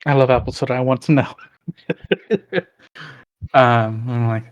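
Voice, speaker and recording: A man casually playing a tabletop role-playing game, speaking in a relaxed, hesitant way. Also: medium pitch, a little slow, no room sound. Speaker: player.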